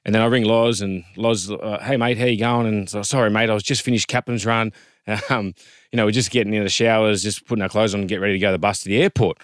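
Aussie guy in his 30s yarning fast about footy, animated, dry close mic. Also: fairly low pitch, no echo. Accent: Australian. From Australia. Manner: animated, quotes others in lively put-on voices. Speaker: former rugby league player, guest. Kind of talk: casual storytelling chat.

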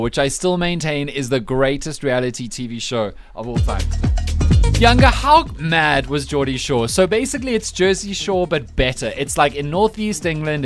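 A male breakfast radio host with a slightly high voice, talking with playful enthusiasm and teasing his co-hosts. Soft music plays underneath him in the studio.

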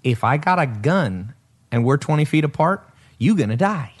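A man's voice: fairly high pitch, very animated, moderate pace. A man hosting a casual podcast, telling stories emphatically and laughing often. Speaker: podcast host.

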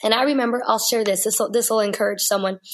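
A woman's voice: medium pitch, fairly even intonation, fast. A woman guest on a faith interview, telling her personal story in an earnest, heartfelt way and repeating phrases for emphasis.

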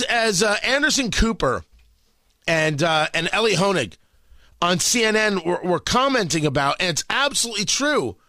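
An incredulous, sarcastic man delivers political commentary as host. His voice is high and bright, and his pitch leaps about. The sound is close and dry. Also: no room sound.

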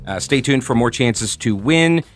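A man's voice: medium pitch, lively intonation, unhurried, dry recording, faint music behind. A man hosting a radio talk show, recounting a story in an emphatic, conversational way.

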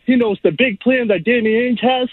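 A man calling in to a sports radio show, insistent and combative, with a raspy voice. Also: extremely high pitch, moderate pace, no room sound. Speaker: caller. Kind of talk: phone-in call. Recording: tinny phone line.

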